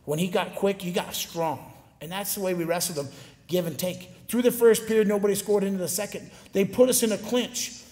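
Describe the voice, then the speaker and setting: A man giving a storytelling speech to a live audience, animated and acting out the voices of people he quotes. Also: sits high, brisk. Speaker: motivational speaker. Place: large gymnasium. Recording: long hall reverb.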